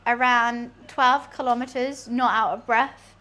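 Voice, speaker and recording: A woman's voice: fairly high pitch, steady tone, a little slow, bright, forceful tone. A young British woman streaming, chatting casually and rambling while she cooks, laughing often. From United Kingdom.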